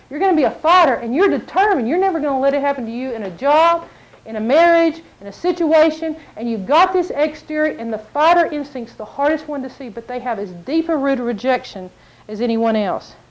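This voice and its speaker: A woman's voice: high-pitched, a little fast, dull audio. A woman preaching a sermon, telling stories and acting out what people said. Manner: animated storytelling, acts out quotes.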